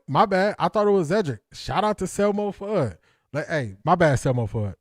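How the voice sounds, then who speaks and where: A man's voice: on the high side, animated, fairly quick, no room sound, clean studio sound. A man hosting a casual live stream, reading comments aloud, laughing often and repeating catchphrases in slangy talk. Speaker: host.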